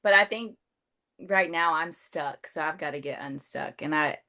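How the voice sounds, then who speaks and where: A woman's voice: deep voice, normal speed, pushed and bright. A woman from Georgia sharing candidly on a group video call. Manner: candid, plainspoken. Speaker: call participant. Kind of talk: casual chat.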